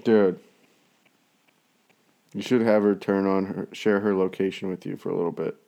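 A man in his thirties, a dad, in casual chat, blunt and quick to swear, laughing along. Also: sits low, level tone, gravelly, warm tone. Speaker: friend chatting, a dad.

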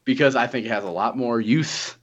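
A man's voice: mid-range voice, fairly quick. A man in his twenties telling a story in casual chat, swearing freely and acting out the voices of the people in it. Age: 20s. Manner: profane, animated retelling with quoted dialogue. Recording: dull lo-fi audio.

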